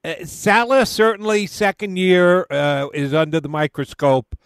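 Gravelly-voiced male radio host. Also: high voice, fairly even intonation, unhurried, dry recording. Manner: conversational, asks long questions. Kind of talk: sports radio interview.

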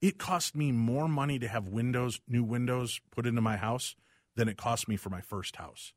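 A male host tells stories with lively, self-mocking energy. He is recorded close on a dry mic with no room sound. His pitch sits in the middle for a man. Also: moderate pace, no room sound. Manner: animated, self-deprecating storyteller. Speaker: radio show host. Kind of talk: casual chat.

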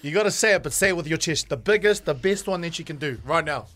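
A high-voiced man hosts a breakfast radio show. He banters upbeat and hypes up callers. His voice sits high for a man. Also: animated, fast, a bit bright.

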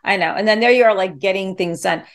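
A woman hosting a casual interview, reacting excitedly and chatting about her own experiences. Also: mid-range voice, fast talker.

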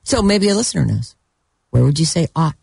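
A woman radio host chatting in a lively, swooping voice with a gravelly, husky edge. She tells stories with animation and laughs often. The sound is dry and close. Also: sits low, fairly quick, no room sound. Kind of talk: casual radio banter.

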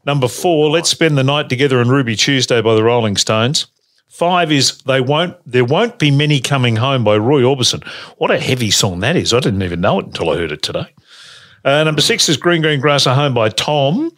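A man of middle pitch hosting a casual radio show. He reads out a chart and chats along easily, now and then stumbling over his own words. His tone is loose and friendly. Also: expressive, brisk, fairly bright tone. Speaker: radio host.

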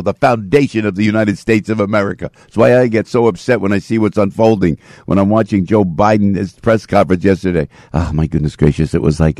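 An older man hosting a talk radio show, chatting and doing a live ad read in a lively, jokey way that swings between loud and soft. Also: on the low side, no echo, clean studio sound. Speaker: radio host. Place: radio studio. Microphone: studio microphone.

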